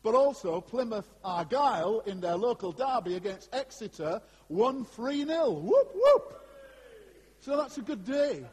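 A man preaching a sermon to a congregation in an animated, conversational way, with asides to his listeners. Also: high voice, moderate pace, hardly any pauses, breathy edge. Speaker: pastor. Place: church before a congregation. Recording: long hall reverb.

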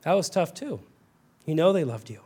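A male pastor delivering a sermon, telling family stories and building to loud, fervent emphasis, with frequent restarts. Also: on the high side, animated, normal speed, breathy edge. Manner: acts out his daughter's voice in stories.

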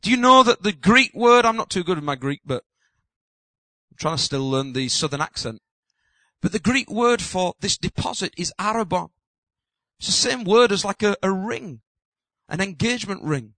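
A man, a pastor, preaching an impassioned sermon that builds to loud emphatic peaks and slows on key words. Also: sits high, expressive, dry recording.

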